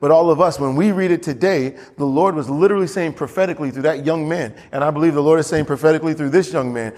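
A pastor preaching a sermon in a church, getting animated and climbing high as he acts out scripture. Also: fast talker, big-room sound.

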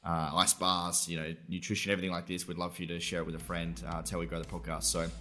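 A man's voice: low voice, little pitch movement, fast talker. A man hosting a podcast, friendly and thankful as he wraps up the episode. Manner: friendly, thanks guests warmly, wraps up the show. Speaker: podcast host. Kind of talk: casual podcast conversation.

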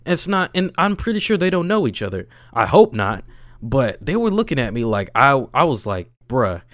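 Young man, casual storyteller, lively pitch, slangy, dry close sound. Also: moderate pace, dry recording. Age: young adult. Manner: animated, slangy, swings between loud and low.

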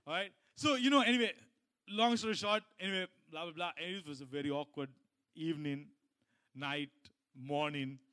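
A middle-aged man preaches in a loose, conversational way, stopping and restarting as he tells a personal story. His voice sits high and sounds bright and forward. He talks to the congregation as if they are friends. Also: moderate pace, clear, resonant tone. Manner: conversational, many restarts and asides. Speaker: pastor.

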